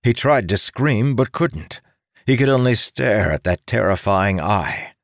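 Male audiobook narrator, low register, dry close sound, dramatic fantasy reading. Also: expressive, a little slow, gravelly, no echo. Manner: dramatic reading, voicing characters' shouts.

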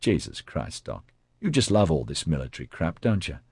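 A man voicing a rough, foul-mouthed male soldier with a gruff, brash manner. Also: rumbling low, sing-song, moderate pace, darkish tone, no echo, clean studio sound, heavily acted.

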